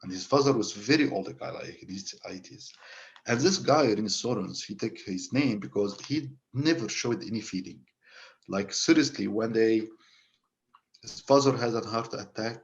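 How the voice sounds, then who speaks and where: A man's voice: lowish voice, normal speed, vocal fry, muffled recording. A man from Egypt with an Egyptian Arabic accent, speaking English as a panel guest. He tells a story casually, often restarting and repeating words.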